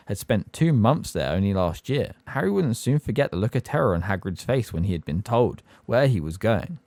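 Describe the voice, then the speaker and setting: A man narrates an audiobook in a steady storytelling delivery. His voice is low, with a lively, varied pitch, and the recording is dry and close. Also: no room sound.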